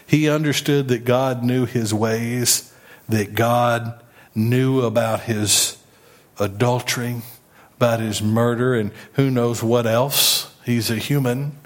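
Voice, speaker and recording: A man's voice: mid-range voice, steady tone, slow. A man preaching a sermon as pastor, emphatic, leading the congregation in call-and-response.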